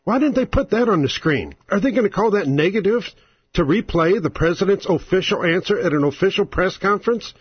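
A man's voice: high-pitched, lively intonation, brisk, husky, no echo, highs cut off. A male talk radio host giving an opinionated monologue in a sarcastic, combative manner. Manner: sarcastic, combative, rising to exasperated outbursts.

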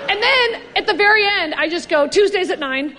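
A woman telling a brash, animated stand-up story on stage, laughing through her punchlines. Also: extremely high pitch, normal speed, heavy background noise. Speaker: stand-up comedian. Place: comedy stage before a live audience. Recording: stage mic in a hall with loud audience.

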